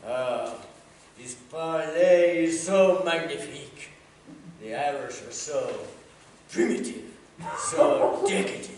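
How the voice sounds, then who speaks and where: Man doing a flamboyant French actor, put-on French accent, very slow drawn-out delivery, lively swooping pitch, echoey stage far off. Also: background noise, exaggerated voice. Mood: gushing. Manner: slow, drawn-out, laughing flourishes.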